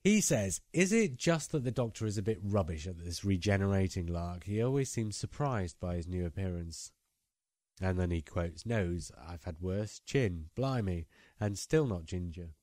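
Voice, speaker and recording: Chatty man, low voice. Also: animated, moderate pace, a little mellow, no echo, studio quality. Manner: chatty, reads out listener emails. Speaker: podcast host reading listener questions. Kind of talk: casual podcast chat.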